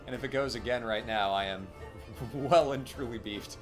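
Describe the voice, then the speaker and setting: A chatty man commentates his gameplay in a loose, casual way and laughs a lot as he talks. His voice sits at an ordinary middle pitch. Game music plays clearly behind him. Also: normal speed. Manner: chatty, explains history while playing, laughs often. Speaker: streamer playing a video game.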